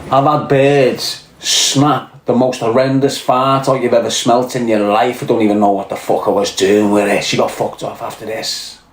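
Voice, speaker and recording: A Scouse man holds forth in a loose, crude chat, swearing freely and telling boastful stories in a swaggering tone. His voice sits at a middling pitch. The recording has a noticeable roomy echo. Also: little pitch movement, moderate pace, few pauses, slight background noise. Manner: profane, blunt, swaggering storyteller. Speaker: livestream host reading chat.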